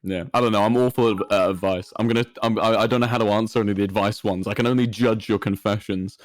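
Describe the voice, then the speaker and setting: A man on a livestream reading confessions aloud and judging them bluntly, with a deadpan delivery. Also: fairly low pitch, quick pace, no room sound, studio quality. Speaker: guest co-streamer.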